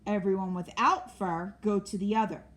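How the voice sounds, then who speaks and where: A woman's voice: mid-range voice, fairly even intonation, normal speed, natural voice. A woman voicing a sly, bullying male bobcat with a snarling manner.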